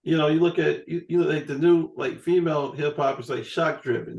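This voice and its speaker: A man's voice: fairly high pitch, a little fast, hardly any pauses, roomy sound. A man in his forties hosting a podcast, telling jokey stories in casual chat. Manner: joking, animated storytelling. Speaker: podcast host.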